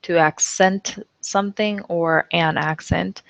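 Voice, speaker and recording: Reading example sentences aloud and explaining them, a woman gives a casual online English lesson in an unhurried, lowish voice. The recording is lo-fi, dull and dry, with no room sound.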